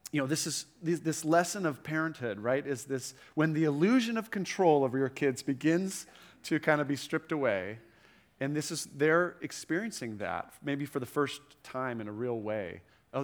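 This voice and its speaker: A man's voice: medium pitch, a bit bright. A middle-aged man preaching a sermon to a room, conversational, with frequent asides and restarts. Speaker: pastor.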